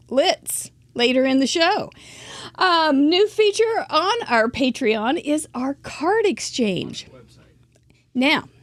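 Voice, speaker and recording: A woman's voice: sits high, no room sound. A middle-aged woman hosting a live crafting show, chatting casually, rambling and poking fun at herself. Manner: chatty, self-deprecating, rambling with restarts and laughs. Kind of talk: casual live-stream chat.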